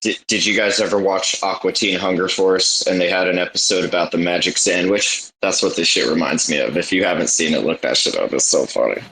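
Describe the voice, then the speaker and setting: A man's voice: sits low, brisk, few pauses, bright, forceful tone, rough recording. A man in casual chat, joking and teasing while swearing freely.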